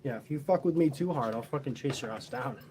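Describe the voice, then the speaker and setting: A man's voice: mid-range voice, animated, fast talker, noisy background. A man telling a story in a casual, boastful, heavily profane, rambling way.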